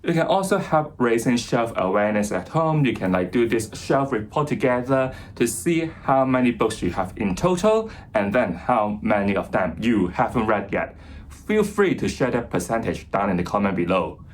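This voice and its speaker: A man giving a casual bookshelf tour as a book vlogger, chatty and self-deprecating, pausing now and then to recall titles. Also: mid-range voice, sing-song, slight background noise, rough recording. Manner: chatty, self-deprecating, laughs lightly at himself; pauses to recall titles and names.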